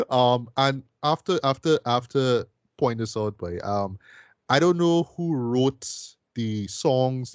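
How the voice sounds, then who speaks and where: A man's voice: medium pitch, no echo. A man co-hosting a podcast, chatting casually and enthusiastically about a film with lots of fillers and tag questions. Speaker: podcast co-host reviewing a film. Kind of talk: casual film review chat.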